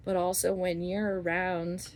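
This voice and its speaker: A woman in her forties talking to her viewers in a candid, rambling monologue, cursing freely and swinging between loud outbursts and soft asides. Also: fairly low pitch, little pitch movement, measured pace, a little hiss or hum. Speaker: vlogger. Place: outdoors under a flight path.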